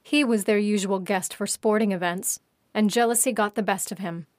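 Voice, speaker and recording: A woman narrating her own story in a steady, even reading voice. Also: mid-range voice, normal speed, no room sound, clean studio sound. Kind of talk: audiobook narration.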